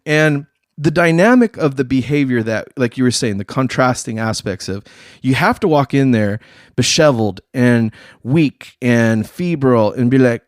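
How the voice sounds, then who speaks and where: A man hosting a casual talk show, talking in slang and acting out other people in quick voices. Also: mid-range voice, no echo, clean studio sound. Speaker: podcast host. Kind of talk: casual chat.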